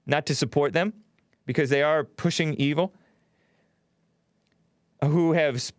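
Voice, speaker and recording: A man's voice: fairly high pitch, smooth, dry recording, studio quality. Sarcastic man hosting solo commentary. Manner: sarcastic, mocking asides between quoted statements. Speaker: podcast host. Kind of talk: solo commentary reading news aloud.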